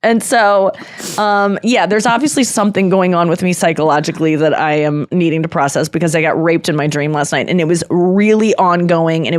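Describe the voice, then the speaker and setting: A woman hosting a podcast in casual chat, candid and confessional, talking quickly with laughs and nursing an irritated throat. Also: fairly low pitch, no room sound, studio quality. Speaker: podcast host.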